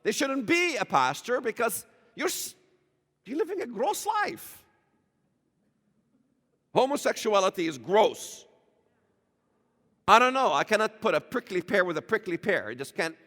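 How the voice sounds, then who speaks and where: High, animated preaching man in a church. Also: measured pace, long pauses. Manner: emphatic, combative, rising to shouts. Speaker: guest speaker in church. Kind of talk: fiery preaching talk. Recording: reverberant church hall.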